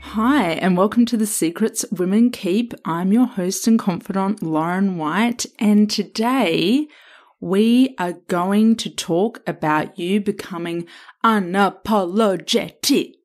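A woman hosting a self-help podcast, talking straight to the listener in an emphatic, coaching way with drawn-out stresses. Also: medium pitch, darkish tone. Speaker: podcast host and counsellor.

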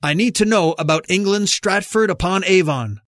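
A man's voice: high-pitched, normal speed, a bit bright, no echo. Audiobook figure: narrator reading a businesslike man, direct questions, slightly raised, dry.

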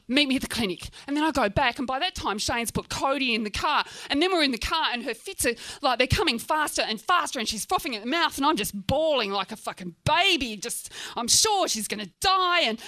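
In a high voice, an Australian woman from Tasmania gives an audience a frank, spirited account of something that happened to her, cursing freely and performing the scenes as she goes.

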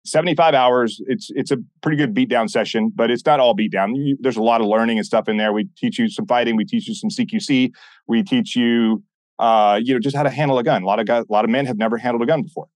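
Speaking quickly at medium pitch with no echo, this podcast guest, once a military instructor, is blunt and animated. He swears a lot and performs the dialogue in his stories during a casual interview.

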